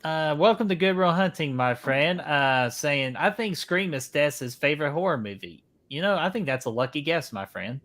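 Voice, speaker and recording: A man's voice: on the high side, expressive, moderate pace, few pauses, fairly bright tone. A man hosting a movie watch-party stream, joking around and welcoming viewers from the chat. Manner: playful, jokey, welcomes viewers by name. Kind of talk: casual chat over a movie.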